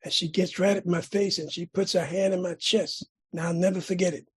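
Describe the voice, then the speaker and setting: A man's voice: high voice, fairly even intonation, brisk, slightly rough. A middle-aged man from California shares his recovery story at a meeting, as a dramatic storyteller who repeats phrases for emphasis.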